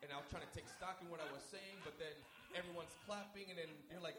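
A man speaking as a guest, telling a faith testimony in an animated way and acting out both sides of the conversations. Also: sits high, fast talker, few pauses. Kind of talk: testimony storytelling. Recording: echoey room with a crowd.

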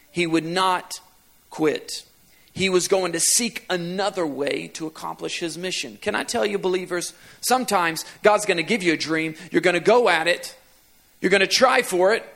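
A man's voice: high voice, a bit bright. A man preaching a sermon as pastor, retelling a scripture passage and driving home repeated refrains with rising emphasis.

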